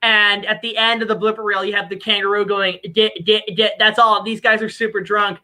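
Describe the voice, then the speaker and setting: A woman hosts a stream, chatting casually, joking and rambling with plenty of swearing. Her medium-pitched voice is brisk, bright and forceful yet flat in delivery, and the recording quality is rough.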